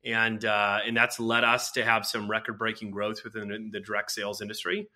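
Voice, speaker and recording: A man, a guest author and culture consultant, telling anecdotes in an animated, casual interview. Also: fairly low pitch, brisk.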